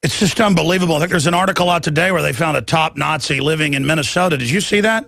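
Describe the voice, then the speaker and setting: A male radio talk show host interviewing a guest, speaking in a rambling, emphatic and excitable way. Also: fairly high pitch, racing, gravelly, no room sound, studio quality.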